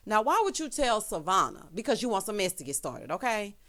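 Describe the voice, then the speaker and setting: Brief: woman vlogger, casual reality TV recap, sassy and animated, medium pitch. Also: brisk. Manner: sassy, animated, with frequent exclamations.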